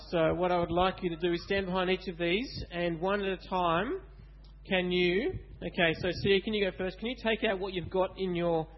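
A man gives a lively children's Bible talk in church and keeps asking the kids questions. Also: high voice, highs cut off. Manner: animated, asks kids questions.

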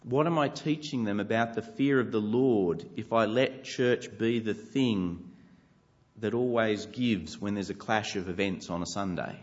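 Earnest preacher, conversational delivery, slightly dull lo-fi sound. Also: male voice, on the low side, measured pace. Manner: earnest, conversational with light self-deprecating humor. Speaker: pastor. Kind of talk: sermon.

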